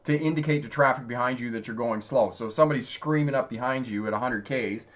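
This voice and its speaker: A man's voice: mid-range voice, fast. A male driving instructor answering viewer questions on a live stream, talking in a conversational way and laughing often.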